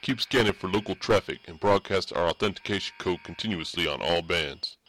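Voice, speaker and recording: A stern military commander, as a male narrator puts him on, giving crisp orders in a deep, low voice. He sounds formal and unhurried over soft music in the background. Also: slight background noise. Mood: commanding. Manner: clipped, commanding.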